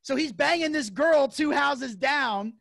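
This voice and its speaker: A man telling a story in casual podcast chat, fast and profane, acting out angry quotes. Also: extremely high pitch, gravelly, fairly bright tone, no echo. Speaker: podcast guest.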